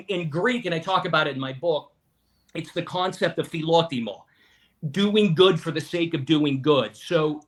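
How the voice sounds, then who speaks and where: A man's voice: a little high, a bit bright. A middle-aged man from West Virginia, a guest telling his family story in an interview, earnest and often restarting his words. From Weirton, West Virginia.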